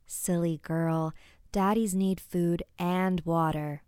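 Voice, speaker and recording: A woman voicing a cheerful, calmly sinister mother who speaks in a soothing, matter-of-fact way. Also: on the low side, slow, clean tone, dry recording, clean studio sound. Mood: cooing.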